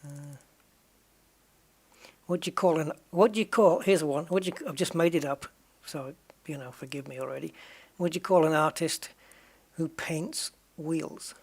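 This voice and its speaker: A man chats casually on a game stream, thinking aloud and tossing jokes to his viewers. His voice sits a touch high for a man, with a gravelly, husky edge. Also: steady tone, moderate pace. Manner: musing aloud, chatty, jokey asides to viewers. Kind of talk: casual live-stream chat.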